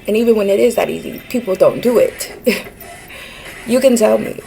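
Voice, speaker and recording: A woman's voice: mid-range voice, normal speed, creaky, dark tone, low-quality recording. A woman vlogging a rambling personal rant, earnest and frustrated, with many fillers and restarts.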